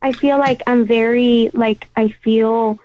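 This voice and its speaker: Brief: hesitant woman caller from California, fairly high voice, dull lo-fi phone line. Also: steady tone, a little hiss or hum. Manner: hesitant, soft-spoken, halting.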